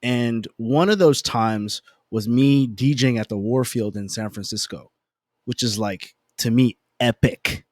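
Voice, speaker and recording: Animated storytelling man, dry close sound. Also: mid-range voice, unhurried, dry recording. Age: adult parent. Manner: animated, emphatic repetition; self-deprecating humor. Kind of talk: casual conversational storytelling.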